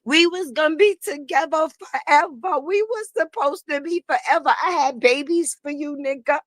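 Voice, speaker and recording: A woman's voice: sits high, moderate pace, no echo, close to an everyday voice. A woman voicing a jilted young woman pleading with her married lover, in an exaggerated put-on Jamaican accent.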